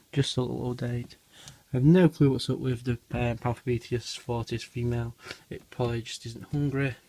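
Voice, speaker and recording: In a mid-range voice with a darkish tone, a man rambles casually through a vlog of feeding his tarantulas. He says um a lot and lowers his voice whenever he's near the animals.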